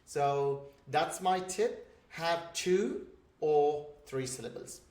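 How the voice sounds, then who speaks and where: A man's voice: a little high, expressive, takes it slowly, a little mellow. Indian man in an echoey room. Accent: Indian English. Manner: patient, explanatory, spells out examples. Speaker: instructor for migrant job seekers. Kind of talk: online course lesson.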